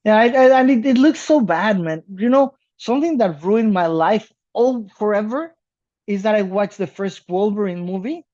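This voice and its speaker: A man from South America co-hosting a podcast in casual chat, animated and laughing, swearing casually. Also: high-pitched, moderate pace, lo-fi sound. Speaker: podcast co-host.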